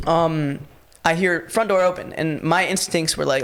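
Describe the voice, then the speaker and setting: A young man, a podcast co-host, telling a story in casual chat, animated and profane. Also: a little high, unhurried, vocal fry.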